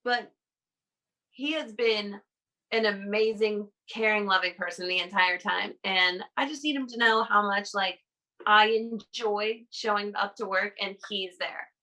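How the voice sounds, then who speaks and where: A woman's voice: medium pitch, fairly even intonation, measured pace, bright, forceful tone, poor audio. A woman on a casual podcast, telling a personal story in a rambling way, laughing between phrases. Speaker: guest.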